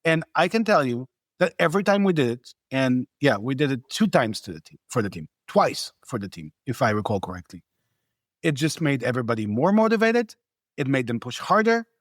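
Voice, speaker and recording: A man's voice: medium pitch, sing-song, fairly quick, no room sound, clean studio sound. A man speaking as a guest on a podcast, telling of his own experience in an emphatic, persuasive way. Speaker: venture capital investor, podcast guest. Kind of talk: casual podcast conversation.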